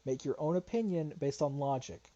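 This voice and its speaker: A man's voice: on the high side, normal speed, mellow, dull audio. A man giving reaction commentary in an argumentative, lecturing way, his voice getting worn. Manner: argumentative, lecturing, repeats "all right?". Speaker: commentary youtuber.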